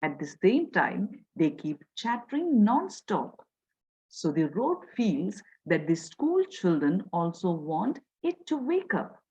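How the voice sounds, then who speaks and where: A woman teacher with an Indian English accent talks children through a story lesson, slow and very lively in pitch. Her voice is a little husky, and the recording sounds dull and lo-fi. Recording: dull lo-fi audio.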